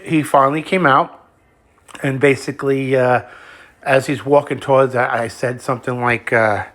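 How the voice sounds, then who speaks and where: A man's voice: medium pitch, fairly even intonation, normal speed, a bit bright. A man who is losing his voice, retelling a dispute as a fed-up customer, cursing freely and tripping over his words. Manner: heated, curses freely, stumbles and repeats. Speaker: unhappy customer. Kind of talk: casual angry retelling.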